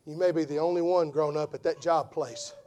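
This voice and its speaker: A man preaching an impassioned sermon as an evangelist, repeating phrases for emphasis and swinging from hushed tones to shouts. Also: on the high side, fairly even intonation, fairly quick.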